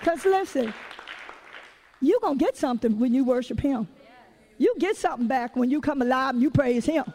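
High-voiced woman preaching with lively folksy asides. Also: moderate pace, long pauses, a faint crowd, slight background noise. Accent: Southern US. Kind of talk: sermon.

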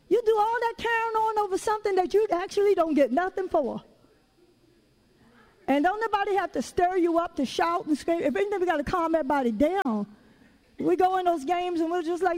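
Woman preacher, high voice, chatty and animated, calls out to the congregation. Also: poor audio. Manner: animated, conversational storytelling with call-outs to the audience. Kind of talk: sermon.

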